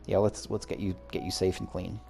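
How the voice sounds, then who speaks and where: A man's voice: sits low, little pitch movement, brisk, vocal fry, mellow, soft background music. A young man chatting casually as he plays through a story game, trailing into rambling asides. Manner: rambling, self-correcting asides. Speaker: let's play host.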